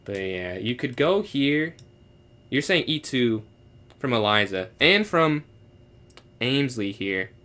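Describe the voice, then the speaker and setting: A young man solving chess puzzles live, thinking aloud and answering chat, sometimes trying out halting beginner French. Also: medium pitch, sing-song, sharp tone. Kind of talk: casual live-stream commentary.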